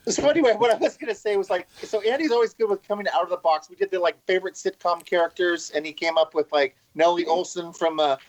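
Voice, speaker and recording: A podcast host in casual chat, relaxed, steering the talk to the next topic. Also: medium pitch, quick pace, hardly any pauses, low-quality recording.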